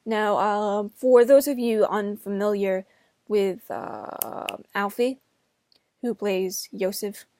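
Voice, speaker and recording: A woman's voice: medium pitch, steady tone, slow pace, darkish tone, no room sound. A woman in her twenties from New Jersey, giving a casual, rambling film review with chatty asides.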